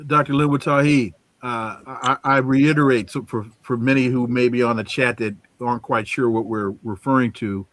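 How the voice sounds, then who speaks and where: A man hosting a podcast panel, moderating and turning to his guests in a halting way. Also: medium pitch, fairly even intonation, a bit bright. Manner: halting, restarts often when turning to guests. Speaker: podcast host.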